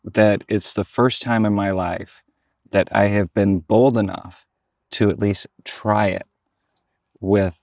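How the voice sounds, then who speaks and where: Low gravelly man, rambling storyteller. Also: fairly even intonation, slow, darkish tone, no echo, clean studio sound, distant mic. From United States. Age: 50s. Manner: rambling storyteller, many ums. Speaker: interview guest. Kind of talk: casual chat.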